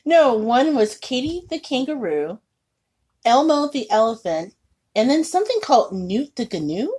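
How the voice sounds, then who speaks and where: A woman co-hosting a podcast in casual chat, laughing often and animated. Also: high-pitched, husky. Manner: laughs often, animated, quick bursts of surprise. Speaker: podcast co-host.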